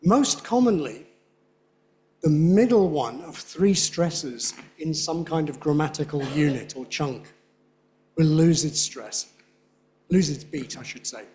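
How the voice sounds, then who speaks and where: Slow, high-voiced older man lecturing. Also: animated, a little mellow. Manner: demonstrates rhythm by slow drilled repetition. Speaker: lecturer on English pronunciation. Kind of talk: conference lecture.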